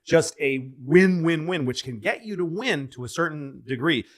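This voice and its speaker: A man co-hosting a comedy podcast in casual chat, rambling, losing his thread, and loudly acting out the people he quotes. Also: a little high, lively intonation, moderate pace. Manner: rambling, loses his train of thought, acts out quotes loudly. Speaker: podcast co-host.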